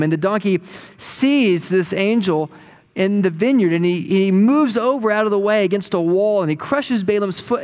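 A man preaching a sermon, retelling a story with lively acted-out voices. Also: sits high, big-room sound. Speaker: pastor.

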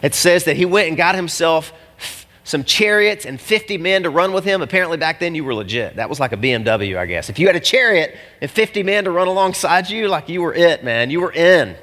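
A pastor preaching in a church hall, his voice ringing with a long reverb. He talks in a casual, animated way and drops slangy asides to the congregation. His voice sits a little high for a man. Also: a little fast. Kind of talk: sermon.

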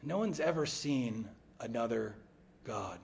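A man preaching a sermon in a conversational way, sometimes dropping to a quiet, low voice for emphasis. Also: lively intonation, unhurried, gravelly, slight background noise. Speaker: pastor.

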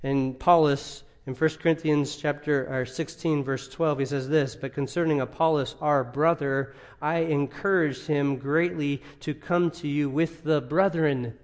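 Emphatic preacher man, higher voice. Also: steady tone, measured pace, hardly any pauses. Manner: emphatic, rising and dropping in volume, rhetorical questions. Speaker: pastor. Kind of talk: expository sermon.

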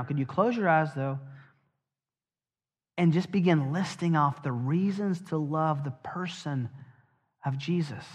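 Middle-aged pastor preaching in a reverberant church. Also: male voice, a little high. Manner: conversational, asks the congregation direct questions; wry asides and humor. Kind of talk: sermon. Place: church sanctuary. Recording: dull, long church reverb.

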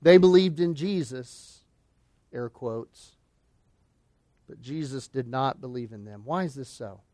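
A man's voice: medium pitch, measured pace, mellow, no room sound. A male pastor preaching an expository sermon, emphatic and full of rhetorical questions.

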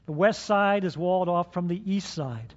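A man with a high voice delivers a sermon, theatrical and teasing as he draws the congregation into a role-play. The sound is dull and lo-fi, and a long reverb trails his words around the church hall. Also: normal speed. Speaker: pastor.

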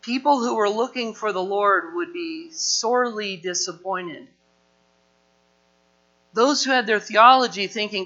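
A man preaches a sermon with a high, bright, forceful voice, pressing hard on his points and then easing back. The recording is dull and lo-fi, with a steady mains hum underneath. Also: unhurried. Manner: emphatic preaching, rising and falling in force. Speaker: pastor.

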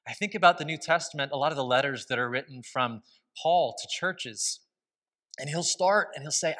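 A man's voice: on the high side, a little fast, sharp tone. A man preaching a sermon as pastor, telling stories with a conversational, humorous manner.

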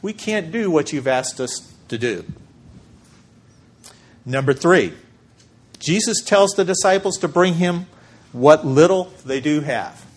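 A man preaching a sermon as pastor, measured and emphatic, with deliberate pauses for weight. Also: mid-range voice.

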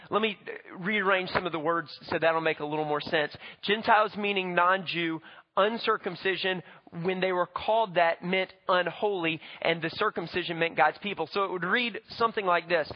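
A man preaching in a church with a high, slightly husky voice. He speaks emphatically but conversationally to his congregation. The sermon recording sounds dull and lo-fi. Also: normal speed. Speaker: pastor.

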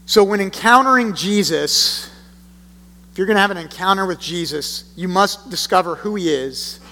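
Man, high-pitched voice, pastor preaching a sermon, earnest and emphatic, long echoing reverb. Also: moderate pace, sharp tone. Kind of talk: sermon with scripture reading. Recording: long reverb of a large hall.

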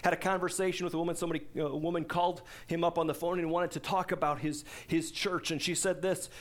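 A pastor in his forties preaching a sermon in a relaxed, conversational way, breaking off for asides and rhetorical questions. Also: a little high, quick pace.

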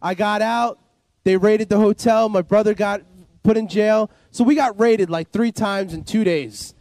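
A man's high, steady, slightly mellow voice carries his rambling personal testimony as an interview guest, delivered at a measured pace. He repeats himself and uses "you know" and "like" a lot, with no echo.

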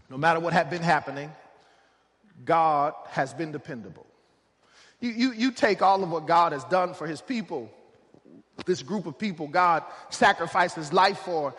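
A man preaching a sermon, building to shouted emphasis with repeated refrains. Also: high voice. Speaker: pastor. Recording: long hall reverb.

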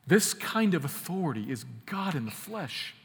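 A man preaching a sermon, emphatic, slowing down to stress key phrases and speeding through quick asides. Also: a little high, sing-song, husky, big-room sound. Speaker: pastor.

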